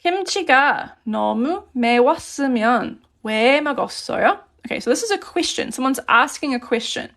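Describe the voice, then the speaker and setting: A woman teaching a relaxed, chatty live grammar lesson and reading out questions from chat as she writes on paper at her desk. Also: sits high, rapid-fire, hardly any pauses. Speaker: Korean language teacher.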